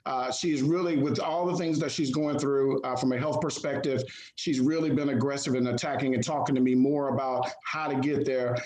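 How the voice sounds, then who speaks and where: A man's voice: mid-range voice, fairly even intonation, brisk, darkish tone, roomy sound, rough recording. A man hosting an online community call, encouraging and a little hesitant, with many fillers. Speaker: host.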